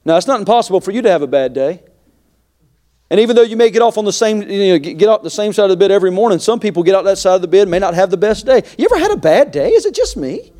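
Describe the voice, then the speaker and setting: A middle-aged male pastor preaching a sermon, moving between quiet confiding asides and shouted, climbing exhortation. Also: high voice.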